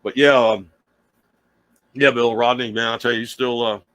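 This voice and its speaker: A middle-aged man who teaches guitar and hosts livestreams tells a story from his small home studio, rambling casually with lots of restarts and asides. His mid-range, fairly bright voice has fairly even intonation and normal speed, and the recording is rough.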